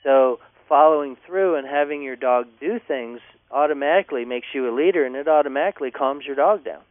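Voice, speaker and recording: Over a tinny, dry phone line, a man with a mid-range voice gives dog training advice fairly quickly. He sounds confident and instructive, repeating his catchphrases.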